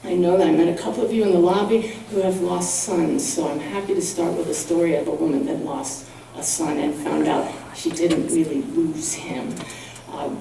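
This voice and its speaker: A woman's voice: lowish voice, creaky, mellow, slight background noise. A middle-aged woman, a guest speaker and medium, telling stories earnestly to a congregation. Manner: earnest, storytelling. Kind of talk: storytelling talk to a congregation. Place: large hall at a spiritual centre. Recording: echoey hall from far off.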